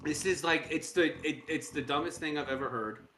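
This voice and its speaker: High-voiced guy ranting sarcastic about sports, roomy echo. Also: moderate pace, a bit bright. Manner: sarcastic, mocking, does exaggerated voices. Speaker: podcast co-host. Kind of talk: opinionated sports banter. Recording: roomy with faint background noise.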